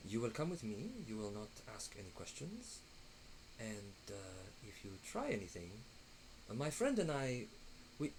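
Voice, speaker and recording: A man's voice: lowish voice, very animated, moderate pace, background noise. A man doing a cool formal female elf agent. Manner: stiff, formal, then flustered whispering.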